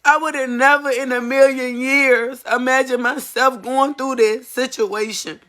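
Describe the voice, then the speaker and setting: A woman speaks straight to the camera in an emotional personal testimony. Her tone is bright and forceful, earnest and pleading, and she repeats lines to drive them home. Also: high-pitched, fairly even intonation, unhurried. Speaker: mother giving a personal testimony.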